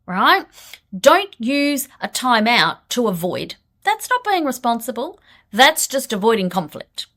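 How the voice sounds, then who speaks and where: A woman's voice: high voice, unhurried. A woman counsellor giving direct, blunt relationship advice in a podcast monologue. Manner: direct, blunt, lively delivery.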